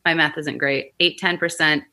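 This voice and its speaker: A woman's voice: deep voice, steady tone, moderate pace, sharp tone. A woman appearing as a podcast guest over a video call, chatting casually and often laughing at herself. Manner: laughs easily, self-deprecating. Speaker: guest, wedding photographer. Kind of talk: casual interview chat.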